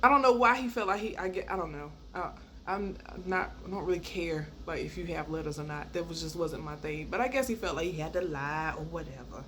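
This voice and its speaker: Animated woman telling a story. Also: a little fast. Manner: animated, laughs while telling, jumps high for quoted lines. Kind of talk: casual storytelling. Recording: faint background noise.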